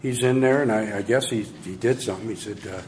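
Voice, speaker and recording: A man's voice: lowish voice, fast talker. Older man telling jokes in an echoey room. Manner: animated joke telling, acting out voices. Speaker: sales trainer and speaker. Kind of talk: humorous storytelling talk to an audience. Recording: echoey room with faint noise.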